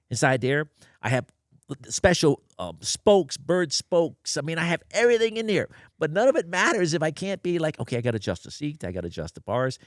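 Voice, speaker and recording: Guesting on an interview podcast, an older man recounts stories in a blunt, lively manner, quoting others and acting out both parts of the dialogue in a mid-range voice. It's a clean studio recording with no room sound.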